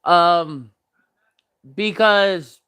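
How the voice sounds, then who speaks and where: A man's voice: high-pitched, very slow, pushed and bright, clear, resonant tone. A young man chatting casually while tasting snacks, rambling with many fillers and talking with his mouth full. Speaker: vlogger.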